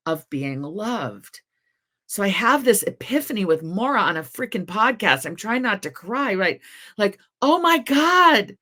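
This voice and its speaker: Middle-aged woman telling a personal story on a panel, animated, acts out the dialogue. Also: lowish voice.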